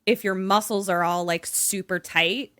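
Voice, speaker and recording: A young woman chats loosely on a podcast, full of fillers and quick laughs. Her voice sits at a middle pitch and comes through close and dry, with no room around it. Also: steady tone, a bit bright, clear, resonant tone, no room sound. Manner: chatty, laughing, frequent "like" fillers. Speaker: podcast co-host. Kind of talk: casual chat.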